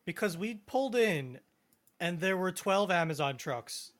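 A man's voice: high voice, animated, unhurried, fairly bright tone. A man in a casual group chat who sounds eager and keeps pushing to get his point in.

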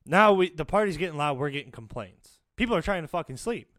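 A man's voice: a little high, big pitch swings, brisk, fairly bright tone. A man telling a profane story in casual podcast chat, laughing through the punchlines.

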